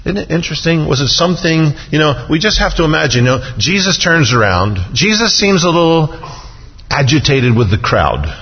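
A man preaching a sermon in an earnest manner, his voice rising on key points and slowing on quoted scripture. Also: sing-song, slightly rough. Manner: earnest, rises in pitch when stressing points, slows on quoted scripture. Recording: dull sound with long hall reverb.

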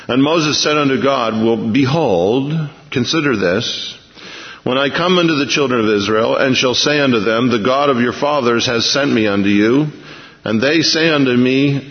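A man preaching a verse-by-verse sermon, retelling scripture in a folksy, chuckling way. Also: medium pitch. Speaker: pastor. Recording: lo-fi radio broadcast with long reverb.

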